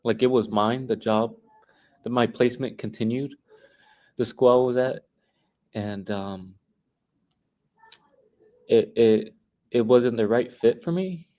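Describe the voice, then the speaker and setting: A young man in his twenties talking casually as a guest teacher, halting with many restarts and fillers. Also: mid-range voice, mellow, lo-fi sound. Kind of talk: casual interview talk.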